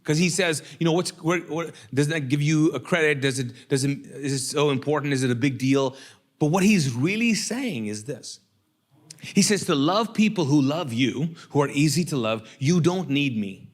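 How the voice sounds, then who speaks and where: A middle-aged male pastor preaching a lively sermon, asking the congregation to call out answers. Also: fairly high pitch, normal speed. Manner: lively, rhetorical, drawing call-and-response from the congregation.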